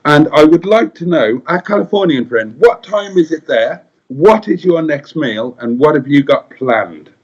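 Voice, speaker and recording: A middle-aged Welsh man co-hosts a casual live-stream chat, wry and playful, reading out viewer comments. His voice is a little high and husky, with lively intonation, a slightly slow pace and hardly any pauses. The sound is dull and lo-fi.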